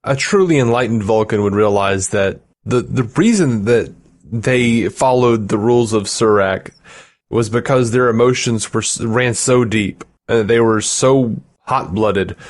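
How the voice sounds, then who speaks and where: Male podcast co-host, mid-pitched, loose rambling delivery with laughs. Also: measured pace. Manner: rambling, laughs often, many fillers. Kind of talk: casual chat.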